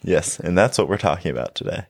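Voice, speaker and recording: Low-voiced and talking fast, a young man co-hosts a health podcast as a health coach. The recording is dry, and he keeps things casual, animated and jokey, laughing a lot.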